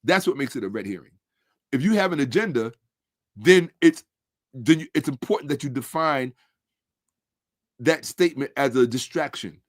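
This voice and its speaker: A man's voice: mid-range voice, expressive, normal speed, long pauses, no room sound, clean studio sound. A man in a combative commentary monologue, sarcastic and repeating his points for emphasis, dropping to a mutter while he checks his screen.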